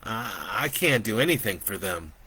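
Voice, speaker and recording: A man's voice: on the low side, big pitch swings, normal speed, sharp tone, slightly rough, heavily acted. A man voicing a hungover, foul-mouthed grown man who swears and stammers in panic. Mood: frightened.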